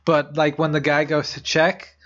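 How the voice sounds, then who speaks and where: A man's voice: a little high, completely flat delivery, normal speed, fairly bright tone. Young man rambling through spooky stories. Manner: rambling, many "like" fillers, blunt swearing. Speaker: podcast co-host. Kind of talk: casual chat, retelling urban legends. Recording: dull lo-fi podcast audio.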